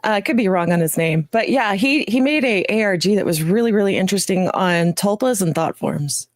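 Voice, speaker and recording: A woman's voice: medium pitch, lively intonation, brisk, dry recording, clean studio sound. A woman co-hosting a casual podcast, easygoing and giggly. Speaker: co-host. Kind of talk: casual chat.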